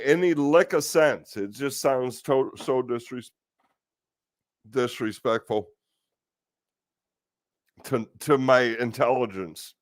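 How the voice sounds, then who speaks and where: In a dry recording, a man with a mid-range voice hosts a casual talk stream. He vents with frustration, asking rhetorical questions and cursing here and there.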